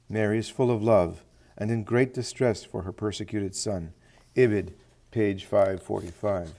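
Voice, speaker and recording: A man reading a devotional book aloud in a steady manner, citing page numbers as he goes. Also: low voice. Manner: steady, reads citations aloud. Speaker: reader.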